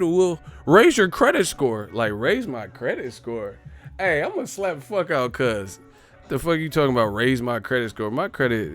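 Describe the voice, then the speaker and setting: Hosting a livestream, a man with a medium-pitched voice reads out super chats and rants in a casual, comedic way. He's profane and animated and laughs a lot.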